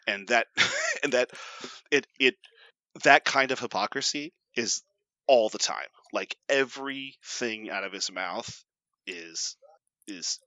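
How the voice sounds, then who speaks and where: Man, young adult, podcast co-host, casual storytelling, profane, animated, crisp bright tone, dry close sound. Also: mid-range voice, measured pace, dry recording. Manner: profane, animated, mimics his dad in quotes.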